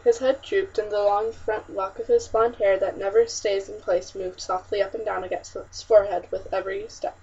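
A woman narrating a historical novel in the first person with a measured, expressive reading, on a muffled, slightly distant recording. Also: medium pitch, breathy edge. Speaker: audiobook narrator.

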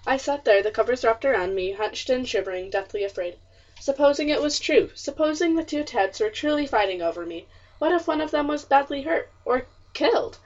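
Woman reading an old-timey novel out loud, expressive, kinda high voice, muffled lo-fi recording. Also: fairly quick. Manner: expressive, old-fashioned storytelling. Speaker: audiobook narrator. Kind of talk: first-person historical novel narration.

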